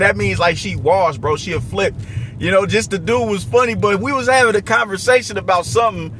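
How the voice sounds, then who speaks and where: Brief: young New guy, high voice, loose profane street talk, noisy recording with car sounds behind. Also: fairly quick, fairly bright tone. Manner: profane, slangy, restless and repetitive. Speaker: boxing commentator. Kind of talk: casual commentary rant.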